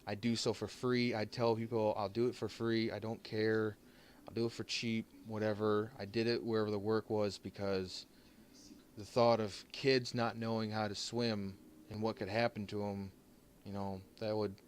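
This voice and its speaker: A man giving an emotional thank-you to his stream viewers, choked up and halting, restarting his sentences and pausing often as he holds back tears. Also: fairly low pitch, slight background noise. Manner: halting and heartfelt, many restarts and pauses.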